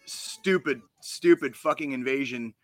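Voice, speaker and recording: A man's voice: mid-range voice, a little slow, no echo. A man co-hosting a podcast in casual chat, ranting heatedly with heavy swearing and frequent restarts. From United States. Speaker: podcast co-host.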